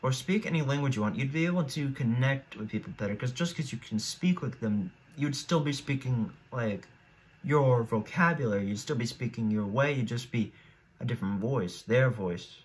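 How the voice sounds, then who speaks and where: This teenage YouTuber talks alone in a relaxed, meandering way, frequently restarting sentences while he mulls over his choices. His mid-range voice moves at a moderate speed.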